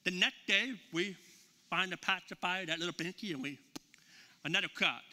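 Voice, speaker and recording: A man's voice: high-pitched, moderate pace, bright, forceful tone, big-room sound. A middle-aged male pastor preaching to a congregation in a church, in a conversational storytelling way full of fillers and repeated words. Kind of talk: sermon. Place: church sanctuary with a live congregation.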